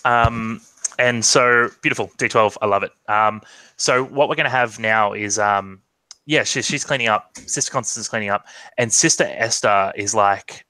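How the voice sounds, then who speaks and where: A man running a tabletop game as game master, narrating casually and haltingly with many fillers, over a video call. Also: fairly low pitch, bright, forceful tone, no room sound. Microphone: video call microphone.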